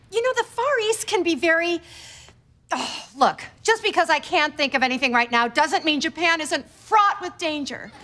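A woman's voice: high voice, animated, moderate pace, bright, forceful tone. An actress playing an anxious, overprotective middle-aged mother who rambles in a sitcom. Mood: worried. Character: fretful overprotective mother, flustered.

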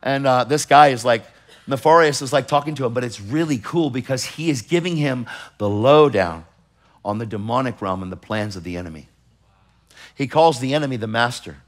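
A middle-aged man preaching a sermon with emphatic urgency, swinging between loud pushes and hushed asides and acting out the voices of people in his stories. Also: medium pitch, fairly quick. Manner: acts out others in quoted voices while storytelling.

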